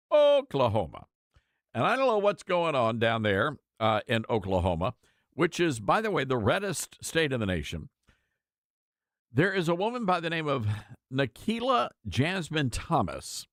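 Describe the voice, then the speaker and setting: A man hosting a talk show, giving opinionated commentary in an animated, mocking way. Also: a little high, no echo, studio quality. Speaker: radio talk show host.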